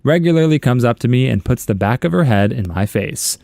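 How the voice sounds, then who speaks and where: A man's voice: medium pitch, lively intonation, a little fast, creaky, darkish tone, dry recording. A man reading internet stories aloud, chuckling and adding wry asides on a close voice-over mic. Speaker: story narrator.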